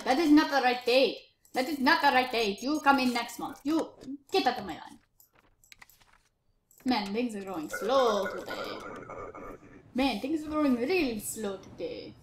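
A woman giving casual game commentary while playing a bossy, impatient border inspector. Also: a little high. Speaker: gamer narrating her play. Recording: roomy, faint noise.

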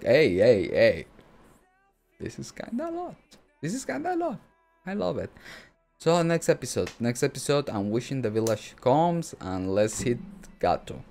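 Excitable man reacting to anime. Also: fairly low pitch. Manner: excitable, rambling, breaks into laughs and exclamations. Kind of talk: casual reaction commentary.

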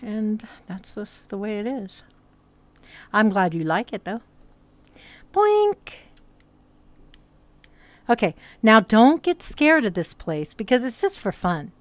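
A woman with a mixed, hard-to-place accent chats casually on a livestream set in a virtual reality social world, rambling and swearing now and then; she's a streamer and hypnotist. Her medium-pitched voice is animated and unhurried, in a dry recording.

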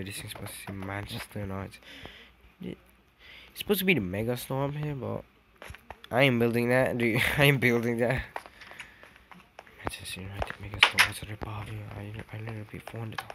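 Rambling young man with a low voice. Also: a little fast, pushed and bright. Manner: rambling, self-correcting, says "dude" often. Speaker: gaming vlogger. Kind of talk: casual game walkthrough commentary. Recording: noisy background hiss with clicks.

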